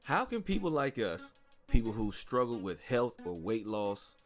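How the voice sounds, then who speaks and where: A man delivering a scripted podcast intro as host, earnest and measured. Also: mid-range voice, sing-song. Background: hip hop music.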